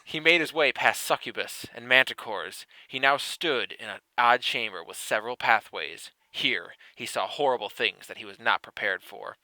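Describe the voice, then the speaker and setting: A man's voice: medium pitch, moderate pace, hardly any pauses, bright, forceful tone, dry recording, poor audio. A man doing a comedic, mock-serious dramatic reading of fan fiction, breaking into laughing asides. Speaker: podcast host reading fan fiction aloud.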